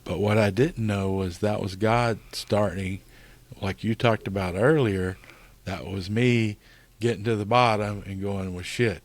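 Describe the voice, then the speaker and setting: A middle-aged man co-hosting a podcast discusses faith and recovery in an earnest, laid-back way, with plenty of "you know"s. His voice sits on the low side with fairly even intonation and an unhurried delivery, and there's no room sound.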